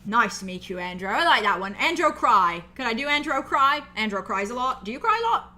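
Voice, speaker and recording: A woman's voice: on the high side, lively intonation, a little fast, pushed and bright. A woman voicing a big, cheerful young male orc who is a jokester, in a tabletop role-play. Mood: joking. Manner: friendly, joking, upbeat.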